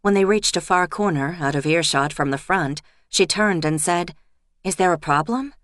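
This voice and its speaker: A woman narrating an audiobook in a steady, even reading voice. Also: fairly low pitch, normal speed, no room sound, clean studio sound. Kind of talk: scripted narration.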